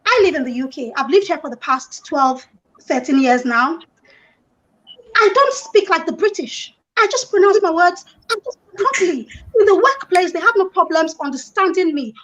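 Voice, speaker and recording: A woman from Nigeria with a Nigerian accent, a panel guest who explains her views in a measured way, often saying "you know". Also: very high-pitched, animated, fairly bright tone, lo-fi sound. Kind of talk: online panel discussion.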